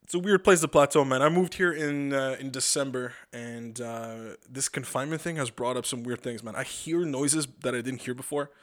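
This podcast host's voice is medium in pitch and fairly bright, moving at normal speed with few pauses. His casual comedic monologue wanders through profane stories, with frequent stammering restarts.

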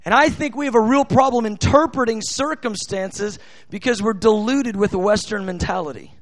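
An American man preaching a sermon, halting and restarting, then building to shouted prayer. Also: high-pitched, no echo. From United States. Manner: impassioned, rising to shouts in prayer.

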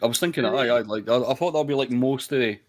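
A man with a mid-pitched voice hosting a casual podcast. He talks in a loose, hesitant way and restarts his questions to his guest. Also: fast talker. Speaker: podcast host. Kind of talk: casual chat.

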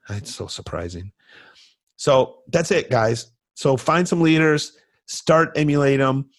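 A middle-aged man, a coach hosting his own show, giving blunt motivational talk with lots of repetition and emphasis. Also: fairly low pitch. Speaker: coach and podcast host.

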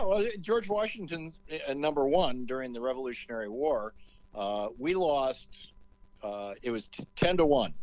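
A man's voice: medium pitch, darkish tone, no room sound, lo-fi sound. A man, a talk radio host, telling a story in a casual interview and acting out the quotes.

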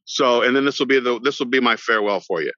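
A middle-aged man, an actor guest on a podcast, telling a long story in an animated way and acting out the voices of the people in it. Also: medium pitch, fast talker, no echo. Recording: dull lo-fi sound, dry.

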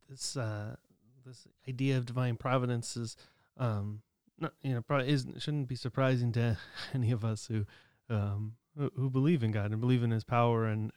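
A man's voice: medium pitch, darkish tone, clean tone, no echo, clean studio sound. A man co-hosting a religious podcast, talking through ideas casually with many restarts, fillers and small chuckles. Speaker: podcast co-host. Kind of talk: casual reflective commentary.

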